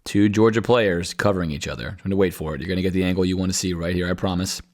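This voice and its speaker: A man's voice: sits low, steady tone, fast, darkish tone. A man hosting a podcast, talking viewers through football game film in a conversational, analytical way. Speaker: podcast host.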